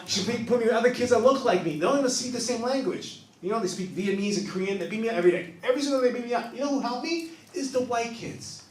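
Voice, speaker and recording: A man with a very high-pitched, expressive voice performs stand-up in a small improv club, telling stories and briefly voicing the people in them in quick bursts. He sits far from the mic, so the sound is roomy, and a live audience is present. English is not his first language.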